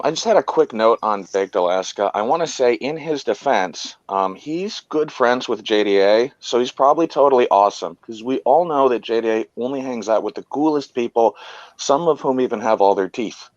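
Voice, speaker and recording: A man calls in to a stream with a dry, sarcastic remark delivered deadpan. His pitch stays mid-range. The line sounds dry and slightly dull. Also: moderate pace, no echo. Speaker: caller, producer.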